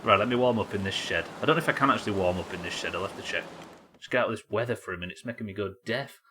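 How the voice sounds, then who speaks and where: A man's voice: lowish voice, rapid-fire, noisy background. A man with a Yorkshire accent, chatting casually and swearing freely while streaming a game to his viewers. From Yorkshire, England. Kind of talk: casual live-stream gameplay chat.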